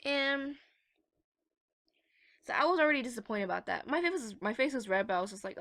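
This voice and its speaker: A teenage girl rambles through a storytime, chatty and quick to swear. Her voice is bright and on the high side. The recording is dry and close. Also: lively intonation, no room sound. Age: teens. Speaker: gaming vlogger. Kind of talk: casual storytime chat.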